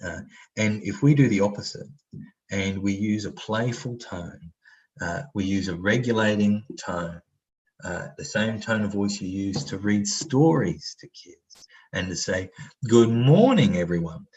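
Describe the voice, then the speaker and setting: A man's voice: fairly low pitch, unhurried, highs cut off. A man facilitating an online training workshop, talking casually with lots of fillers and acting out example voices. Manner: conversational, many fillers, acts out example voices.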